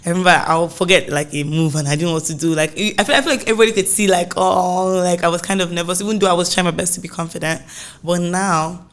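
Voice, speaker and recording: Young female singer from Nigeria, chatty and animated, casual interview talk. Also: lowish voice, fast. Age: young adult. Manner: chatty, animated storytelling, frequent "like" fillers.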